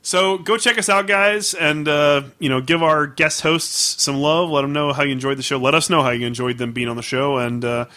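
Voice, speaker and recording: A man hosting a podcast, in a relaxed, upbeat way with plenty of filler words. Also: on the high side, normal speed, hardly any pauses. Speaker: podcast host. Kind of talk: casual podcast chat.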